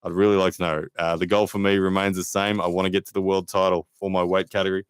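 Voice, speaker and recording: A man's voice: deep voice, flat delivery, fast, clear, resonant tone, dry recording, studio quality. A man hosting a casual live stream, chatting to viewers and reading out their comments with frequent fillers. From Australia. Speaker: livestream host and arm wrestler.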